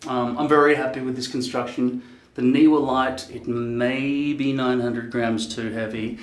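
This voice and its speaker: A middle-pitched man in his fifties chats to camera in a loose, wandering way, cursing casually as he thinks aloud. The room around him is echoey. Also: little pitch movement, measured pace. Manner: rambling, swears casually, muses aloud. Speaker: vlogger. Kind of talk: casual rambling chat to camera.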